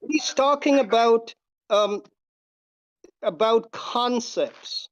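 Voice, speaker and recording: A caller in a live debate who asks questions slowly and hesitantly, with many halts and fillers. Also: mid-range voice, muffled recording. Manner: slow, hesitant, halting questions. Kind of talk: casual debate on a live call.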